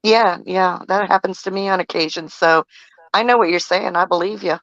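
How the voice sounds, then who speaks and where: An American woman chatting casually as co-host, agreeing warmly and adding her own short stories. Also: lowish voice, moderate pace, no room sound, lo-fi sound. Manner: agreeable, short affirming replies. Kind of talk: casual conversation.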